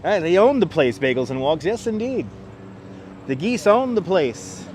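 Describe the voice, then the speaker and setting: A man's voice: high voice, big pitch swings, unhurried, darkish tone, a little hiss or hum. Chatty man livestreaming outdoors. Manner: chatty, laughs often, greets viewers by name. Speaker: livestream host. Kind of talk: live walking tour, reading chat aloud. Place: outdoor waterfront park. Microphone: wireless lapel mic.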